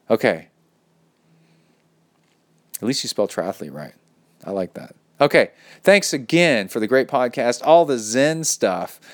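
Smooth-voiced laid-back male podcast host. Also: mid-range voice. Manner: laid-back, jokey, says "dude" a lot. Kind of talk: reading a listener email aloud with casual commentary.

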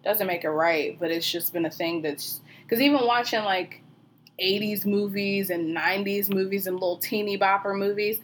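A woman's voice: mid-range voice, steady tone, moderate pace, a little hiss or hum. A young woman co-hosting a podcast, talking bluntly and candidly in casual chat, swearing freely. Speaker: podcast co-host.

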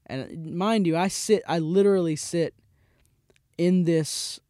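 A man in his twenties, a podcast host, telling a casual rambling story with frequent restarts and animated voices for the people in it. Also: on the high side, unhurried, no room sound, clean studio sound. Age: 20s.

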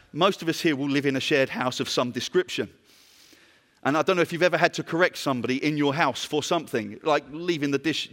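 British male preacher, higher voice, chatty sermon, hall reverb, asks the room questions. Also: a bit bright. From Britain. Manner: conversational, asks the congregation questions.

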